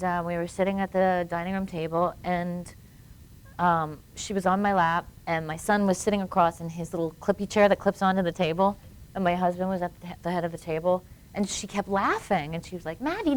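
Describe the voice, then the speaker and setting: A woman guest on a live-streamed interview, telling a personal story in earnest and acting out the voices of people she quotes. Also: lowish voice. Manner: earnest, acts out quoted voices while recounting events. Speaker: guest filmmaker.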